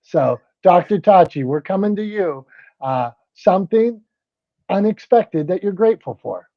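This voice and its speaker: A man's voice: high-pitched, expressive, dry recording. A man co-hosting a casual group chat, upbeat and playful, keeping things moving. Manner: upbeat, playful, quick to move on. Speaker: co-host. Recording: dry, slightly dull sound.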